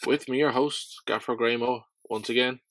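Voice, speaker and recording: A man's voice: medium pitch, fairly even intonation, moderate pace, fairly bright tone, dry recording. A man with a cold, talking in a stuffy, nasal voice as he hosts a casual solo podcast, rambling with fillers and restarts. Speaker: podcast host.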